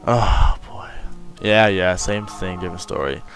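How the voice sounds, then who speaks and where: A man's voice: deep voice, moderate pace, soft background music. A young man giving horror game commentary, jittery and swearing, yelping when startled. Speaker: gamer.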